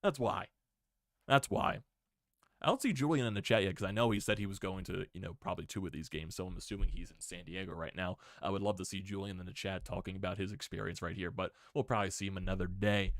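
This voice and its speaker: Male sports streamer, low and gravelly, excitable, repeats himself, dry sound. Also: fast, no room sound. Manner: excitable, repetitive exclamations. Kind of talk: casual sports recap stream.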